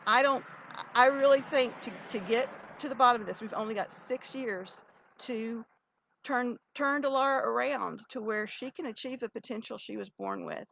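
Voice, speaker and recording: A woman's voice: a little high, sing-song, normal speed, vocal fry, fairly bright tone, low-quality recording. A middle-aged woman talking straight to camera in a rambling, pleading monologue with many restarts and fillers, close to tears. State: near tears. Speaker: vlogger addressing her ex. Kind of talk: emotional direct-to-camera monologue.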